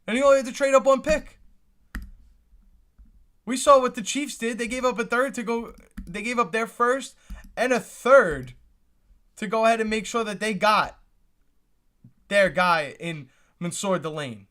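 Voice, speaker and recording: A young man hosts a live reaction stream, full of exclamations and repeated lines. His voice sits high for a man and has a bright, forward edge. He keeps turning to talk to his chat. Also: unhurried, pauses often. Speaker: livestream host reacting to the draft.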